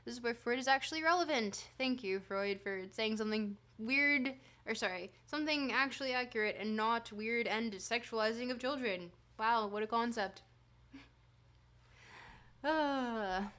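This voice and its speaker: A woman streamer with a fairly bright voice on the high side reads philosophy aloud at a moderate pace, using a put-on reading accent. She stumbles, corrects herself, and breaks off for playful, self-mocking asides to her chat.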